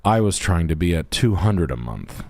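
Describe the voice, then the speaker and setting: A man's voice: deep voice, big pitch swings, normal speed, a little mellow. A man hosting a livestream, talking in a brash, profane, rambling way. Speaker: realtor and livestream host. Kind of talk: crude casual stream chat.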